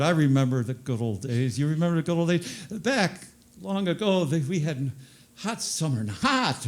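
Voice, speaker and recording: A man's voice: a little high, darkish tone. An older man performing a stand-up comedy routine, self-deprecating and fond of repeating his punchlines for effect.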